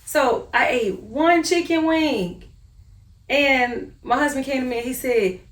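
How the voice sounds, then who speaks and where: A woman's voice: high voice, a little slow. Woman telling a story in an echoey room. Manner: animated, acts out her own past reactions. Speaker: mother sharing her family's diet experience. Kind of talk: casual personal storytelling monologue. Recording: echoey room, voice far from the mic.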